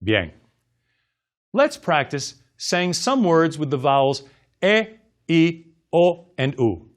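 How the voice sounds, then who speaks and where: A man teaching a language lesson in a scripted narration, speaking slowly with careful, exaggerated enunciation for repeat-after-me drills. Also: a little high, sing-song.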